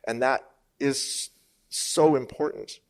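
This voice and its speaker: A man's voice: mid-range voice, fairly even intonation, slow pace. A middle-aged man from Canada, a business coach talking emphatically as a guest in a podcast studio interview. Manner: emphatic, uses sparring metaphors, asks "make sense?".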